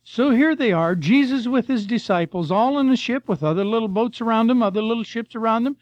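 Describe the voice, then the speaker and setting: Older guy preaching, folksy storyteller, high-pitched, dull dry recording. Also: brisk, no room sound. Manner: folksy, storytelling, addresses listeners as folks and friend. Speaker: preacher, former missionary. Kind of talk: sermon with Bible reading.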